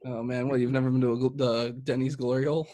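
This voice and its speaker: A man's voice: medium pitch, level tone, fast talker, warm tone, no echo. A young man co-hosting a beer review podcast, chatting casually with crude, joking banter. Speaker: podcast co-host reviewing beers. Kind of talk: casual chat.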